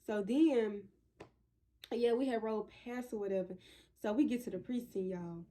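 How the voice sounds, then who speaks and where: A woman's voice: on the high side, normal speed. A woman vlogger telling a story to her viewers in a loose, chatty way, talking straight to them and often circling back to restart. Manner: animated, talks straight to viewers. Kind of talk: casual storytime.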